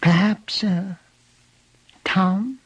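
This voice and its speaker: A man's voice: sits high, very slow, slightly rough, pitched above the performer's own voice, full character voice. A man doing a coy, teasing queen. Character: sly, pleased young queen.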